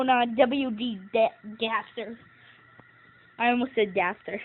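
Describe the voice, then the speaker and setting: A woman vlogger chatting casually and excitedly about a video game, rambling with restarts. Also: on the high side, slow, long pauses, a little hiss or hum. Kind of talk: casual gaming chat. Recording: tinny phone-like audio with loud game music.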